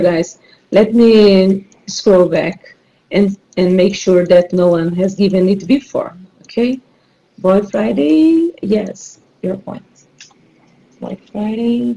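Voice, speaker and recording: A woman's voice: mid-range voice, creaky, dark tone, highs cut off. A woman with a Brazilian accent, a Portuguese native speaker, patiently running a rhyming word game for an online class as the teacher. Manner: slow, patient, encouraging.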